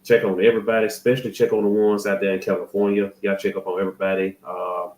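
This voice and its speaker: A man's voice: fairly low pitch, little pitch movement, quick pace, darkish tone. Host, US man: casual, joking, talks to viewers; roomy sound. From American South, Florida. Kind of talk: casual show intro.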